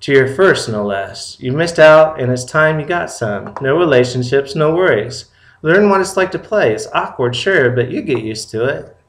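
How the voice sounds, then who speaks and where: A man's voice: fairly high pitch, lively intonation, moderate pace. A man reading a story aloud, voicing a sassy, bossy young gay man who teases and lectures his friend. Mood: bossy teasing. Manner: teasing, flamboyant, lecturing. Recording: roomy echo.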